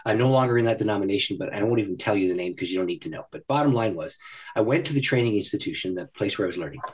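A man who is a guest on a podcast, telling a personal story in an animated way and laughing often. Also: fairly low pitch, very fast, breathy edge. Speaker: podcast guest, ministry leader. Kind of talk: storytelling in a conversation. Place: podcast recording.

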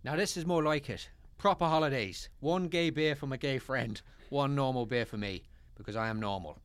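A man's voice: mid-range voice, moderate pace, clean tone, dry recording, natural voice. A man voicing an impatient, grumpy male hitman in a comic script read-through. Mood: grumbling. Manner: blunt, exasperated line reading.

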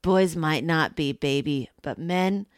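A woman reading a cocky male romance lead aloud, pitching her voice low and slow to sound like a man. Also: dry recording. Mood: sultry.

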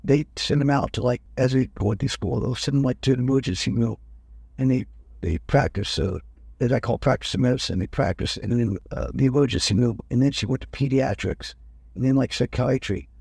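An older man, a guest in an interview, telling rambling personal stories in a relaxed conversational way and often correcting himself mid-sentence. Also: medium pitch, fairly quick, vocal fry, breathy edge, no room sound. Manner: rambling, self-correcting anecdotes.

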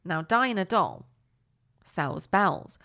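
A woman, chatting casually as a co-host and retelling a cartoon plot with lively, playful put-on voices. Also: slow pace, vocal fry. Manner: animated storytelling with squeaky put-on character voices. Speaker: podcast co-host.

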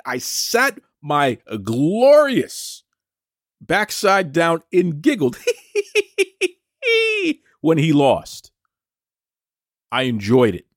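A man's voice: on the high side, no room sound, clean studio sound. A man hosting a wrestling podcast, ranting in a brash, mocking way and taunting his target directly. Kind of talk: opinionated rant.

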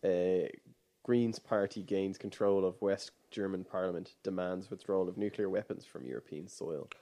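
Relaxed, low-voiced man chatting. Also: normal speed. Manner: relaxed, trailing off with fillers. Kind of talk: casual chat.

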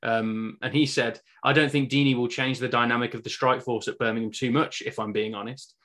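Young bloke co-hosting, chatty, hesitant, kinda bright tense voice. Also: male voice, mid-range voice, steady tone, a little fast. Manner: chatty, hesitant, laughs easily. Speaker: podcast co-host. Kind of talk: casual fan podcast chat.

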